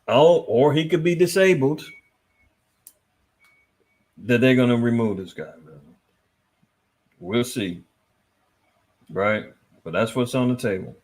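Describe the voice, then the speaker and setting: A man hosting a casual news commentary livestream, reading articles aloud and answering his chat in a lively, swinging voice. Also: takes it slowly, pauses often. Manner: animated, swinging between loud and low, reads articles aloud, talks to chat. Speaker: host.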